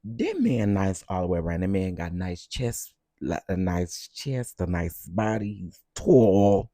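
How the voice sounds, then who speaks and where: A man hosting a live stream of reality TV gossip, talking in a sassy, expressive way straight to his viewers. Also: low voice, unhurried, dry recording, studio quality.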